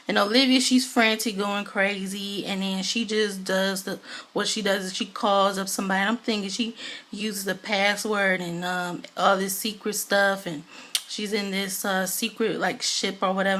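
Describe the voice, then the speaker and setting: A woman reviewing a TV episode in a casual, animated recap, with lots of fillers as she retells the scenes. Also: medium pitch. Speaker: TV show reviewer.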